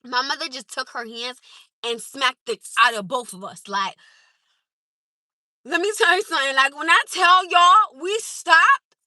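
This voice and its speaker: A woman chatting casually on a livestream from her car, laughing often as she tells animated stories. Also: sits high, a little slow, dry recording. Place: in a car at a drive-through.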